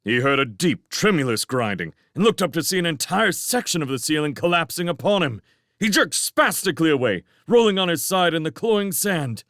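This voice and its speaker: A man giving a dramatic fan reading of a novel, swinging between tense urgency and hushed lines. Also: on the high side, very animated, fairly quick, dry recording, clean studio sound. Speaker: audiobook reader.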